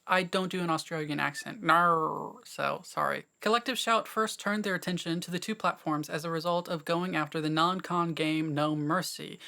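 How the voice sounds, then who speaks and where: A man's voice: on the high side, bright, forceful tone. A man presenting a scripted commentary video essay, making wry, sarcastic asides between points.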